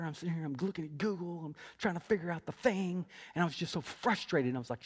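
A middle-aged pastor preaches to his church in a loose, conversational way, telling stories and doubling back on his words. His speaking voice sits a little higher than most men's. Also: a little fast. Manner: conversational, storytelling with asides and restarts. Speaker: senior pastor. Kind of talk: sermon. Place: church auditorium.

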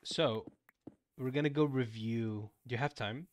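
A young man streaming as a VTuber, chatting casually while playing a game with a friend. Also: mid-range voice. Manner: chatty, quick shifts between loud and soft. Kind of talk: casual gaming chat.

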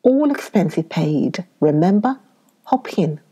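A woman voicing a level-headed young Englishman who speaks calmly and matter-of-factly. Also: on the low side, slow, husky, heavily acted.

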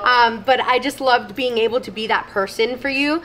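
A woman's voice: fairly high pitch, moderate pace, few pauses, fairly bright tone, a little hiss or hum. A young woman on her church's staff gives a heartfelt, rambling toast to a friend. She is openly emotional and fills her talk with "like" and "you know". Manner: earnest, emotional, rambling with many fillers.

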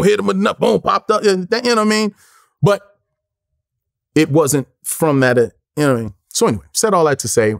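Animated man telling street stories. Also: mid-range voice, dry recording, studio quality. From Los Angeles. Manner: acts out quoted lines in lively voices, swears freely. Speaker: interview guest. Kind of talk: animated storytelling.

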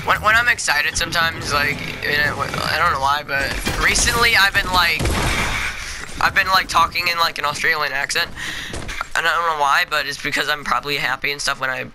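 A man's voice: a little high, moderate pace, noisy background. A man giving casual gameplay commentary, rambling with lots of fillers and losing his train of thought. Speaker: gaming video creator.

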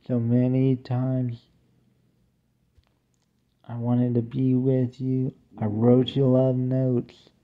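A young man performing a homemade song, half sung and half spoken, in a plaintive, drawn-out way. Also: mid-range voice. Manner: plaintive, slow, mostly flat talk-singing with drawn-out "ooh" cries. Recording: tinny phone-like recording.

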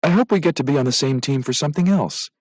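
A man's voice: on the high side, fast talker, no room sound, studio quality, voice pushed up, lightly acted. A man reading a children's story aloud, voicing a cheerful, friendly schoolchild.

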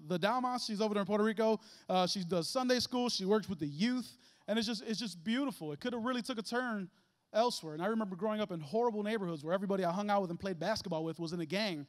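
A young man from Chicago preaching a sermon in a church, animated, with loud emphatic bursts and quick asides. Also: high-pitched. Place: church sanctuary.

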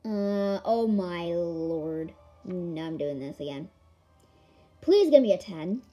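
A woman giving casual commentary on a board game she is playing, excitable, with melodramatic outbursts and playful taunting of her opponent. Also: fairly low pitch, slow, soft background music. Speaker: gamer filming a board game. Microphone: camera mic.

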